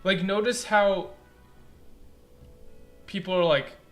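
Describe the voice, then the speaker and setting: A man giving let's play commentary and critiquing a game's translation, blunt and animated, swearing casually and saying "like" a lot. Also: high voice, slow pace, soft background music. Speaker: game localization critic.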